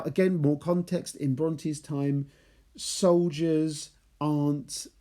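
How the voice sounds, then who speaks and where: A man's voice: medium pitch, mellow. A man giving a chatty literature lesson, reading passages and explaining them with playful asides. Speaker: literature teacher. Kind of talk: chapter analysis lesson with read passages.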